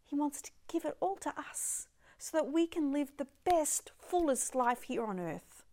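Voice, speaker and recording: High-voiced older woman giving a devotional. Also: unhurried. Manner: emphatic, often drops to a soft whisper; expressive, piles up words of praise. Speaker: Christian devotional speaker. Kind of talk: devotional talk.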